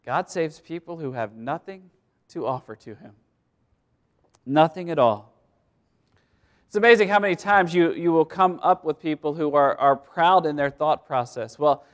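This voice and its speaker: A man's voice: fairly high pitch, moderate pace. A male pastor preaching a sermon in a conversational way, repeating words and laughing as he goes.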